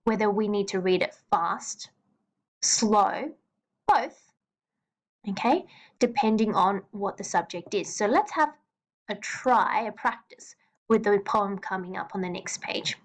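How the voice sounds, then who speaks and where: A woman teacher giving a recorded poetry lesson, explaining clearly and reading poems aloud in changing rhythms. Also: medium pitch, measured pace.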